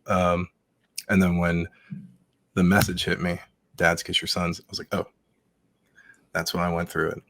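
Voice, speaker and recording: A man's voice: sits low, completely flat delivery, moderate pace, long pauses, fairly bright tone, dry recording, studio quality. A man talking as a podcast guest, heartfelt and emotional, swearing freely as he speaks candidly. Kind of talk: candid interview talk.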